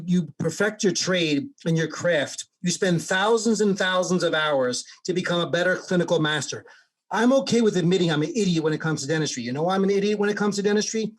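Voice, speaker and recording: A male business coach answers as an interview guest, speaking quickly in a fairly high voice. He drives his points home emphatically, with a preachy edge.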